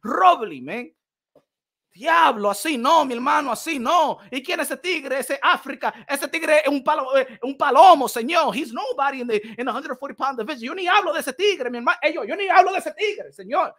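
A man's voice: extremely high pitch, expressive, fast, pushed and bright. A man from New York ranting heatedly as a boxing commentator, switching between English and Spanish in a mocking way. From New York City.

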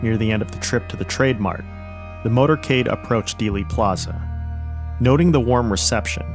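A man, a podcast host, giving steady, measured scripted historical narration. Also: mid-range voice, soft background music.

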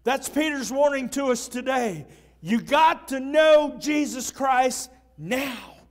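A man pastor preaching an impassioned sermon, rising to shouts at the peaks. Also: very high voice, expressive, slow pace.

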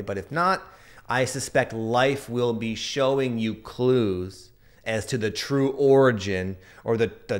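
A man in his thirties giving a casual, earnest astrology update and sharing personal stories as he reflects. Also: fairly low pitch. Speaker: astrology and energy reader.

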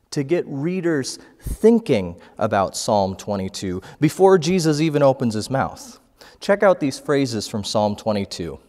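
A man preaching a sermon as pastor, slow and measured, reading scripture passages aloud. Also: mid-range voice, a little mellow, long reverb tail. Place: church sanctuary.

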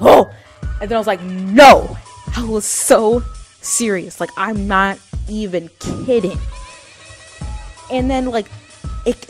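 A young woman vlogger telling a casual story, rambling with lots of fillers and self-mocking asides. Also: mid-range voice.

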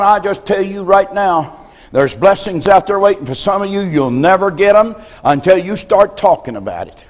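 A man, a pastor from the United States, preaching a sermon in a folksy storytelling way and often clearing his throat. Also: a little high, darkish tone. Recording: long hall reverb.

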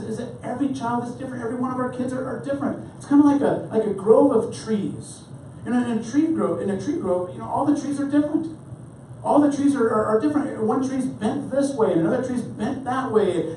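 A male pastor preaching a sermon in an animated, repetitive way. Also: high-pitched, slight background noise. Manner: animated, repeats words when starting phrases. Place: church sanctuary. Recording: echoey hall, mic far off.

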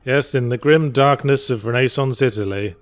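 A man's voice: medium pitch, moderate pace. Dry, sardonic man commentating a game. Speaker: let's play co-host. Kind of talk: casual gameplay commentary.

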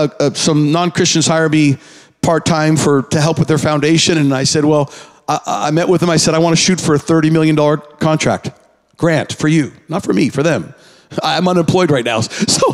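A high-voiced male pastor preaches in a church sanctuary, his words trailing into a long hall reverb. He leads the congregation in call-and-response and climbs to emphatic high peaks. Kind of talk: sermon.

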